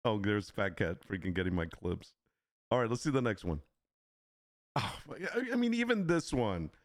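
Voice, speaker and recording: A man's voice: lowish voice, very animated, moderate pace, dry recording, studio quality. A man hosting a casual livestream, laughing often and reacting in disbelief as he reads. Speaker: livestream host.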